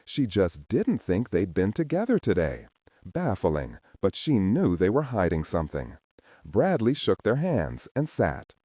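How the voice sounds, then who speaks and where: A man narrating a spy thriller audiobook in a measured storytelling manner. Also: low voice, wildly swooping pitch, warm tone, husky, dry recording, studio quality. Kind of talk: scripted narration.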